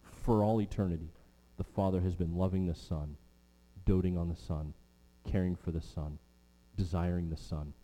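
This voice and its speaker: A man's voice: low voice, steady tone, normal speed, warm tone. Man preaching a sermon in a reverberant hall. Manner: emphatic expository preaching, repeats key lines.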